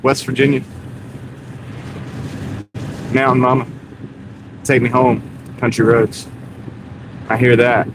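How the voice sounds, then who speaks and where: A man's voice: medium pitch, little pitch movement, measured pace. Laid-back chatty man driving in a car. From North Carolina. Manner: laid-back, chatty, says "dude" and "bro" a lot. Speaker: delivery driver and livestreamer. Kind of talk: casual driving livestream chat. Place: inside a moving car. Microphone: wireless clip-on mic. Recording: car road noise behind.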